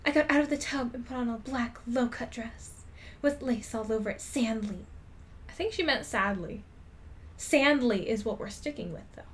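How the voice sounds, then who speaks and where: Woman, higher-pitched voice, amused, laughing often, reading a story aloud with commentary. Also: normal speed, a little hiss or hum. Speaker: streamer.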